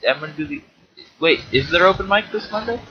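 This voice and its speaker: Teen dude chatting on a podcast, lots of likes and restarts, muffled recording. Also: male voice, sits high, lively intonation, fast talker. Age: teens. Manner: rambling, hesitant, lots of fillers and restarts. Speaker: podcast co-host. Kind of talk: casual chat. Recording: dull lo-fi recording with faint hiss.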